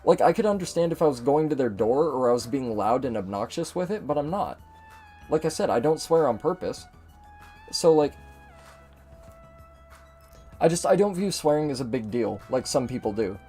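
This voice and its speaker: Brief: young male gaming host, mid-high voice, mellow timbre, venting his frustration with lots of swearing. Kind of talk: ranting commentary over gameplay.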